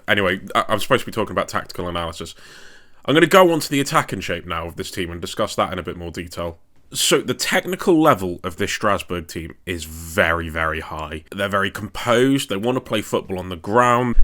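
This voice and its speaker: Young man, low and bright, chatty tactics breakdown with jokey tangents. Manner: rambling, self-mocking asides. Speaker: football tactics video maker. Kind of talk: casual solo commentary.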